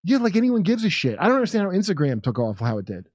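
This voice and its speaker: A man's voice: high voice, wildly swooping pitch, fast, darkish tone, no room sound. A man, a comedian guest on a talk show, chatting casually with wry, mocking quips. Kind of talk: casual political chat.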